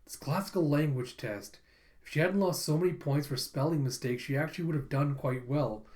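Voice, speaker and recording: A man doing a calm, measured father. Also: on the high side, natural voice. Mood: thoughtful. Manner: measured, analytical.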